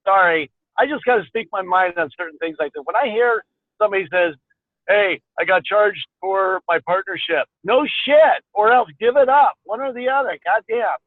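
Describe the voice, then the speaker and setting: A man's voice: high-pitched, animated, fairly quick, no room sound. A man calling into a business call, speaking bluntly and outspokenly with swearing. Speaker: caller on a members' call. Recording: tinny, dry phone-line audio.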